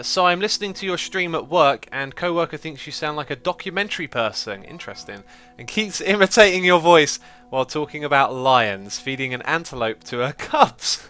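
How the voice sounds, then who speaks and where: Bright-voiced man streaming a game. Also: mid-range voice, clear, resonant tone. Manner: chatty, reads out viewer donations and messages. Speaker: livestream host. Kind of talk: casual gameplay livestream chat.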